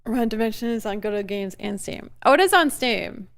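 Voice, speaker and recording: A woman's voice: a little high, animated, a little fast, gravelly. A woman streamer chatting casually during a live reaction, giggling often and rambling with many fillers and restarts.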